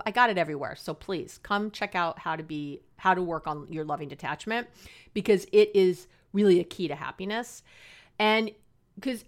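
Middle-aged woman podcast counselor, mid-range voice, chatty, earnest, self-mocking. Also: mid-range voice. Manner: chatty, earnest and passionate, laughs at herself. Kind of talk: casual advice podcast monologue.

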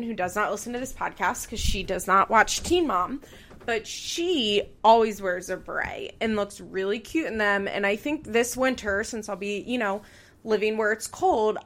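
A young woman hosts a podcast and recaps a show through heated, profane rants. Her voice is medium in pitch and fairly bright.

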